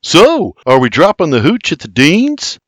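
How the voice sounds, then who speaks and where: An eager young farmhand who whoops and gushes, voiced by a man in an audiobook. He is pitched noticeably higher than a grown man's talk and leaps about in tone. The sound is dry and close. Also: wildly swooping pitch, measured pace, dry recording, heavily acted. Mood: excited.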